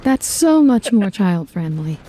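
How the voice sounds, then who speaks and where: A woman's voice: medium pitch, big pitch swings, unhurried, warm tone, a little hiss or hum. A woman on a game stream, confidently giving detailed trivia and correcting others. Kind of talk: casual gaming stream chat.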